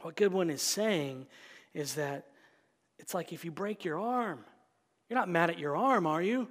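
A male pastor preaching a sermon, swinging between forceful emphasis and hushed whispers. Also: fairly high pitch, expressive, unhurried. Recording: long reverb of a large hall.

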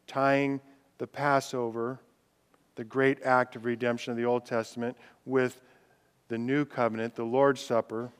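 A man's voice: mid-range voice, level tone, smooth. Man preaching in a reverberant hall. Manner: swings between loud declarations and hushed, drawn-out words; reads scripture aloud with rising intensity. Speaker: pastor. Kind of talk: sermon. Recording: long reverb from a large hall.

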